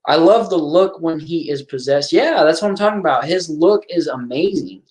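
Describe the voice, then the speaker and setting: A man's voice: fairly high pitch, lively intonation, normal speed, a little mellow. A man giving casual watch-along commentary on a horror film, chatting and reacting aloud to the scenes.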